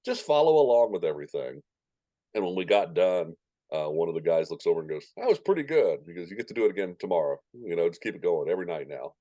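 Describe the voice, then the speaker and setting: A man's voice: low voice, lively intonation, fast talker, warm tone, no room sound. A man in his forties, a stadium announcer, telling anecdotes in a casual interview and acting out the voices of people in his stories.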